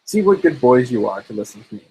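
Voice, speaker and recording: A man voicing a kind, gentle young fisherman who speaks in a soft, coaxing way. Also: mid-range voice, very animated, fast talker, slightly rough, poor audio.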